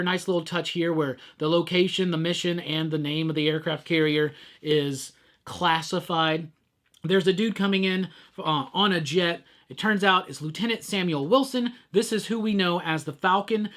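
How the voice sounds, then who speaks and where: A man's voice: sits high, fairly bright tone. A man hosting a podcast, talking casually and enthusiastically through a comic book. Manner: enthusiastic, rambling. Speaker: podcast host.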